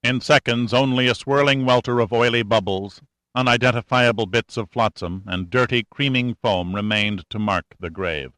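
A man narrating an adventure audiobook in a steady, measured way. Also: mid-range voice, dry recording. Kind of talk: scripted narration.

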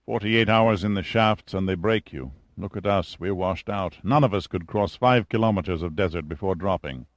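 Male narrator as a worn-out British major, very low voice, clipped and understated, dry sound. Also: moderate pace, hardly any pauses, no room sound, natural voice. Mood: weary. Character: weary British army major, middle-aged.

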